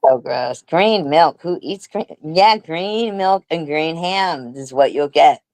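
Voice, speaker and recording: A chatty woman on a livestream with a fairly low voice, laughing between remarks. The sound is dry and close, with no room echo. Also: expressive, slow, a little mellow. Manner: chatty, laughs often, reads aloud. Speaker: livestream host. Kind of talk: casual livestream chat.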